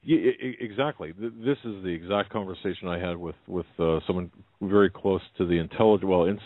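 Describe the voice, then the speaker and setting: A man's voice: low voice, no room sound. A man hosting a talk radio interview, who stammers and often repeats his words. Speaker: radio show host. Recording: dry, phone-like narrow sound.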